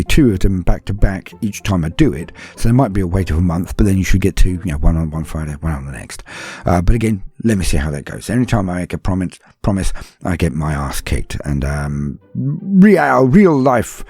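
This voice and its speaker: Husky-voiced British man chatting casually. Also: low voice, warm tone. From London, England. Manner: chatty and self-deprecating, with frequent ums and asides. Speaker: podcast host answering patron questions. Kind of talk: casual Q&A chat.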